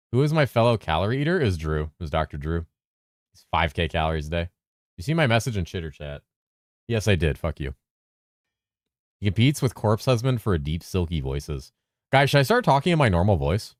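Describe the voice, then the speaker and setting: Super deep voiced streamer guy reading chat and swearing a lot, bouncy inflection. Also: brisk, pauses often, no echo, clean studio sound. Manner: reads chat messages aloud and answers them, swears casually; lively presenter inflection at times, drops into a flatter low voice at other times. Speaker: game streamer. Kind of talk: casual live-stream chat.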